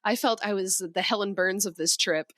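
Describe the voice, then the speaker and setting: A woman's voice: mid-range voice, moderate pace, fairly bright tone, dry recording, studio quality. A woman from Minnesota co-hosting a podcast, telling a trip story in a chatty, giggly way. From Minnesota, USA. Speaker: podcast co-host. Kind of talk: casual chat.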